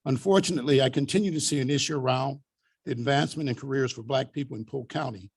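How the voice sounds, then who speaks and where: A man over seventy giving an earnest, measured speech as an honoree at an awards event. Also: mid-range voice, creaky, husky. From Des Moines, Iowa.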